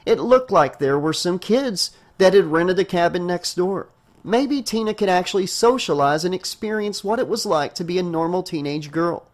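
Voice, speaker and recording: A male audiobook narrator reads a horror novel aloud at a moderate, steady storytelling pace. For a man, his voice sits a little high.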